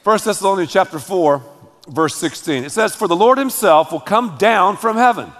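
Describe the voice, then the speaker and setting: A pastor preaching a sermon, emphatic and dramatic, calling on the congregation to repeat after him. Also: male voice, high-pitched, animated, moderate pace, a bit bright. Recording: long hall reverb.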